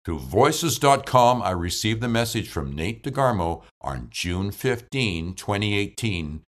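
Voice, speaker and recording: A man hosting a podcast about voice acting, reading his script in a deliberate, measured way. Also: fairly low pitch, lively intonation, fairly bright tone. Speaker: podcast host and voice actor.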